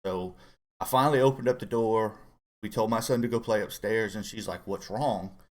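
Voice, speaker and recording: Earnest middle-aged man, slightly low voice. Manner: earnest, halting, open about emotion. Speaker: co-host guest dad. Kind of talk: candid personal story in casual chat.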